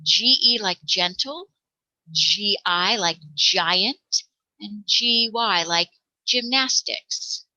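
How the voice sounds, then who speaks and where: A woman's voice: mid-range voice, expressive, very slow, bright, forceful tone, no echo, low-quality recording. An American woman teaching parents letter sounds, patiently demonstrating each one aloud. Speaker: reading teacher.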